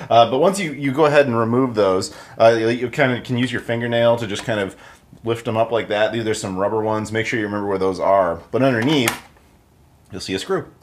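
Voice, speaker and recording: A man's voice: medium pitch, a little fast. A man hosting a casual how-to video, talking in a chatty, informal way with lots of asides. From United States. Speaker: YouTube host.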